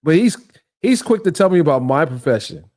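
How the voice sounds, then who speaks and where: Middle-aged male livestream host; animated, taunting delivery, lively pitch. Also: fairly quick. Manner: animated, mocking, laughs often, repeats himself. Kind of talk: casual livestream rant.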